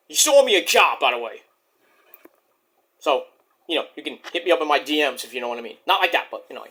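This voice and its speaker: A young man with a fairly high, bright voice talks casually and profanely. His pitch swings widely as he rambles and riffs on what he is watching. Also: big pitch swings, fast, pauses often, breathy edge. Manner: loose and profane, does voices of wrestlers. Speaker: wrestling predictions vlogger. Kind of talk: casual chat.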